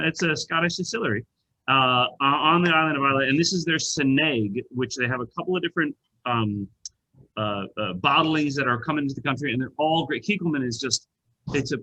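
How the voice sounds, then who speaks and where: A man co-hosting a whiskey tasting over a video call, chatting in an animated way with frequent restarts. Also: medium pitch, brisk, rough recording. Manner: animated, self-interrupting, lots of restarts. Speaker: wine shop co-host.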